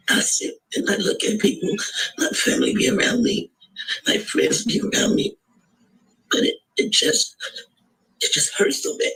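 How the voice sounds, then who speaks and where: A grieving middle-aged woman, tearful and halting, pleading in an emotional video appeal. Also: very high voice, pushed and bright, rough recording. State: tearful, voice breaking. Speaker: grieving mother.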